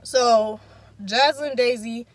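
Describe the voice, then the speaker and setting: A woman's voice: on the high side, steady tone, slow, dry recording. A young woman in casual storytime, telling a story with emphatic, profanity-heavy slang. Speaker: vlogger.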